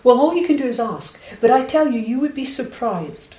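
A Scottish woman who is a Buddhist nun, telling a personal story in conversation with direct, animated delivery that acts out quoted dialogue. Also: on the high side, moderate pace, reverberant, low-quality recording.

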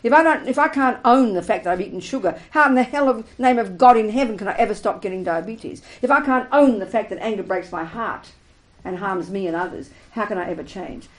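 A woman giving a spiritual talk to a group, emphatic and animated, acting out little everyday scenes as she explains. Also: medium pitch, brisk, rough recording. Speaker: Buddhist teacher.

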